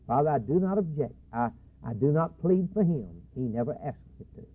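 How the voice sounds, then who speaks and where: A man preaching a sermon, acting out Jesus as a grave male high priest who quotes scripture. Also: animated. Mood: solemn. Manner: grave, measured, quoting scripture. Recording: husky tinny phone-like broadcast.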